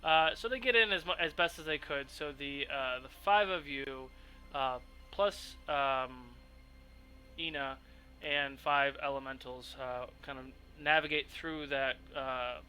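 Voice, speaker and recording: Bright-voiced male game master. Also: medium pitch, low-quality recording. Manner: loose, filler-heavy, descriptive. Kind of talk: narrating a tabletop game.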